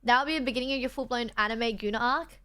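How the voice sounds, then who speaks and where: Brief: young woman, high and bright, chatty live-stream host, a bit travel-worn. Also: quick pace. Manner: chatty, reads chat aloud, self-deprecating. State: tired from travel. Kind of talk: casual live-stream chat.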